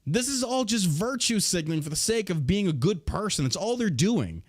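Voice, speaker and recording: A man's voice: sits high, sing-song, moderate pace, no room sound, studio quality. A man hosting a podcast, reading news aloud and ranting about it with heavy swearing and outrage. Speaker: podcast host. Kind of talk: casual podcast commentary.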